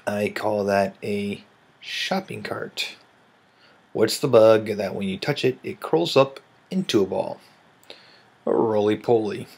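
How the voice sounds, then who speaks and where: A man's voice: fairly low pitch, takes it slowly, gravelly, a little mellow, slightly rough, poor audio. A tired man from Illinois, raised in Missouri, with a Midwestern American accent, rambling casually as he answers questions and yawns between words.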